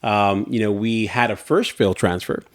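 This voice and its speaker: Animated man telling stories, laughing often. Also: lowish voice, moderate pace. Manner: animated storyteller, laughs often, acts out reactions. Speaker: podcast co-host. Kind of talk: casual chat.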